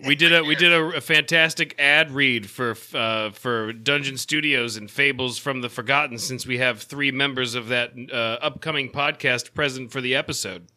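A man's voice: mid-range voice, normal speed, hardly any pauses, pushed and bright. A man co-hosting a casual podcast, playful and joking. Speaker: podcast co-host. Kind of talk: casual chat.

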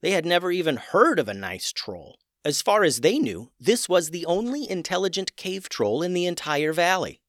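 A man narrating a children's fantasy story with expressive, dramatic storytelling. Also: high voice, normal speed, few pauses, no echo, clean studio sound.

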